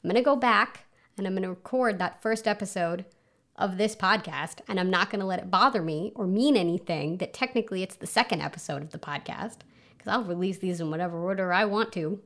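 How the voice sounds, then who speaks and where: A woman's voice: medium pitch, fairly quick, fairly bright tone. A woman hosting a casual solo podcast from home, chatty and self-mocking, with lots of fillers. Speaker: podcast host. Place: home under a flight path, planes overhead.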